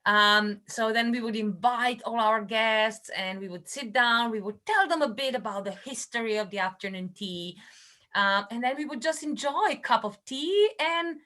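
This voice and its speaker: A woman's voice: on the high side, lively intonation, moderate pace, sharp tone. A woman who is a guest in a casual online chat, speaking hesitantly with many fillers.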